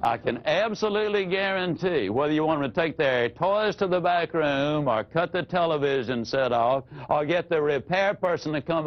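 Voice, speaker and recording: A man giving a sales training seminar, lecturing with lively, acted-out inflections. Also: medium pitch, dull audio. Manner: lively, acts out quoted phrases with changing inflections.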